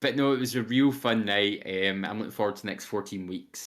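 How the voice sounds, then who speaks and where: A man's voice: fairly low pitch, a little fast, fairly bright tone. A young man co-hosting a podcast, chatting casually and enthusiastically with lots of fillers. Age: young adult. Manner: enthusiastic, rambling with fillers, quotes voices animatedly. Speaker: podcast co-host. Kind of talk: casual chat.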